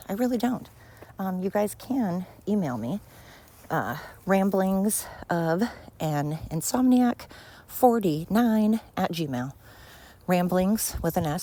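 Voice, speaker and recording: A woman's voice: fairly low pitch, warm tone. A woman hosting a rambling solo podcast while walking outdoors, out of breath and talking in a scattered, chatty, self-deprecating way. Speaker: podcast host. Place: outdoors on a night walk by a road.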